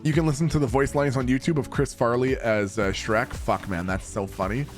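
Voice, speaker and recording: A man's voice: mid-range voice, brisk. A young man streaming a game and chatting casually with viewers, laid-back, swearing and laughing a lot. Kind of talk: casual chat while gaming. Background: game music.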